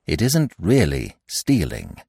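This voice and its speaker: A man's voice: low-pitched, wildly swooping pitch, slow pace, a little mellow, dry recording, clean studio sound, voice pushed down, heavily acted. A man reading the part of a nervous, guilty middle-aged man who stammers and speaks hastily. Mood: flustered. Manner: stammering, hoarse, hasty.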